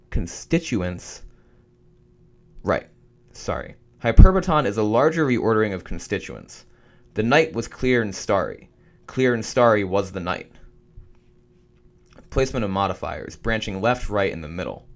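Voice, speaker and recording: A young man reading study notes aloud for a writing course, stumbling now and then and restarting. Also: lowish voice. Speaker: student making a study guide.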